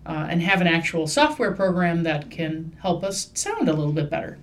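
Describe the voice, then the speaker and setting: A woman's voice: lowish voice, sing-song, moderate pace. A young adult woman, hosting a casual podcast chat in a rambling, wry and profane way. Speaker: podcast host.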